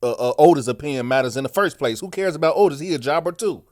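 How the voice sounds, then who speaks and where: Guy ranting about last night's show, fed up and sarcastic, voice sits a bit high, aave. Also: animated, fast talker, darkish tone. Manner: sarcastic, exasperated, mocks in a high voice. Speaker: wrestling recap host. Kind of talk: angry rant.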